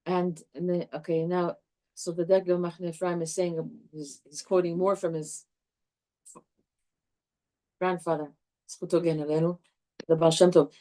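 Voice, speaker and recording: A woman teaching a live Torah class to a group, animated and chatty, restarting her sentences often. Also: fairly low pitch, normal speed, long pauses.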